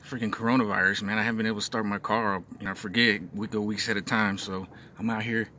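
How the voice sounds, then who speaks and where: A man casually vlogging outdoors in a parking lot, playfully cooing at a pet rabbit in a higher voice. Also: level tone, fast talker, pushed and bright, a little hiss or hum. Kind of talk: casual vlog.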